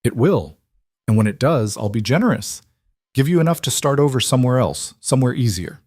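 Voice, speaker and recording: A man doing a rough, mocking cattle baron villain. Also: mid-range voice, sing-song, brisk, a little mellow, dry recording, clean studio sound, voice pushed up. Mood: taunting. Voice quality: rough, amused drawl. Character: big menacing rancher villain, mocking and rough.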